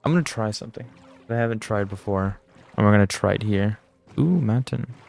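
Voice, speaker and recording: A man's voice: on the low side, a little fast, vocal fry, a little mellow. Tired young man rambling over gameplay. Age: young adult. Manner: rambling, chatty, self-deprecating. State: tired, yawning. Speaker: gaming channel host. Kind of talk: casual gameplay commentary.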